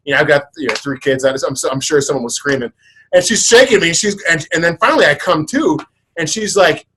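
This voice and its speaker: A man's voice: on the high side, expressive, a little fast, bright, forceful tone, slightly rough, poor audio. A man in his thirties hosting a podcast, chatting casually and telling stories in a rambling way with many restarts. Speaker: podcast host.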